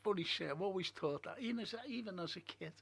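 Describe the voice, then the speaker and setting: A man's voice: sits high, fast, creaky, fairly bright tone, slightly rough. A man hosting a casual live stream, chatting in a rambling way, musing aloud and reading out viewer comments. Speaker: livestream host. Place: at home.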